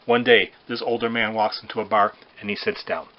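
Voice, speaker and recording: Low-voiced man telling jokes. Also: little pitch movement. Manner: rambling storytelling with restarts and "uh" pauses. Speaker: joke teller. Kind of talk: amateur joke telling. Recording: dull lo-fi recording.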